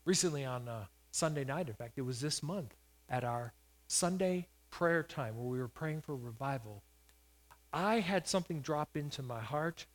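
A man's voice: on the high side, expressive, moderate pace. A male pastor giving a sermon, telling a healing story with emphatic rises. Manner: storytelling preacher, rising to loud emphatic peaks.

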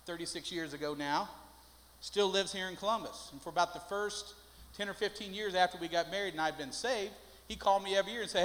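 A man's voice: high voice, fast talker, a bit bright. An older man, a pastor, preaching a sermon with folksy stories that build into emphatic preaching. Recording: long hall reverb.

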